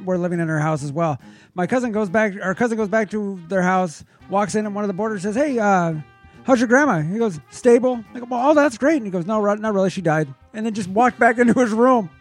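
A man's voice: high voice, fast talker, soft background music. A man co-hosting a podcast, making dry joking asides in casual chat. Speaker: podcast co-host.

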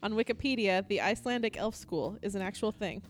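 A woman's voice: medium pitch, expressive, a little fast, faint music behind. A woman presenting a quirky news segment in a casual talk show, chatty and full of fillers and laughs. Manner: chatty, laughing, reads from printed notes with fillers. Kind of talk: casual comedic news reading.

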